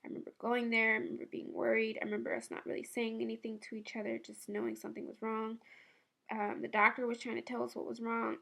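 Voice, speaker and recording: A woman in her twenties from the Bay Area speaks through tears in a personal video. Her voice sits a little high and has a gravelly fry. She talks softly and haltingly, pausing often. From San Francisco Bay Area. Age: 20s. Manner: soft, halting and emotional. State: tearful. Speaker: vlogger. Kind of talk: personal memorial monologue.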